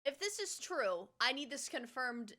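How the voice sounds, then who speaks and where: A woman's voice: sits high, sing-song, a little slow, sharp tone. A woman hosting a reaction video, giving chatty, nosy, blunt asides. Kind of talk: casual reaction commentary.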